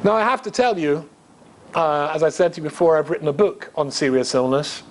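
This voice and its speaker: Man, middle-aged, high-pitched, rabbi, humorous storytelling talk, chatty asides. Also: brisk, slight background noise. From Scotland. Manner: chatty and joking, with asides to the audience. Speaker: rabbi and guest speaker.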